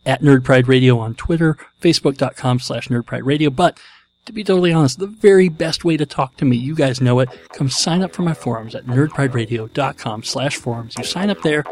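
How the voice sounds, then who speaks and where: A man's voice: mid-range voice, a little fast, a little mellow. A man hosting his podcast, talking casually with a jokey, self-deprecating manner. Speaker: podcast host.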